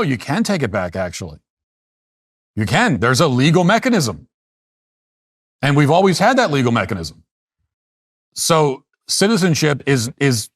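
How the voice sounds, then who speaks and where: A middle-aged man hosts a commentary show, talking in an emphatic monologue that circles back with repeated phrases and restarts. His voice sits at an ordinary pitch, and the recording is dry, with little room sound. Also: no echo. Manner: emphatic, repetitive, with frequent restarts. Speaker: political commentary host.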